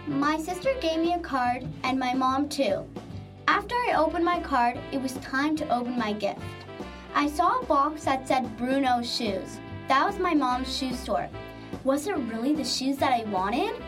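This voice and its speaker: A woman reads a short personal story in a simple, lively way. Her voice is high and swings widely. She sounds far from the mic, with loud music behind her. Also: a little slow. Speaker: narrator. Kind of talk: reading a personal story aloud.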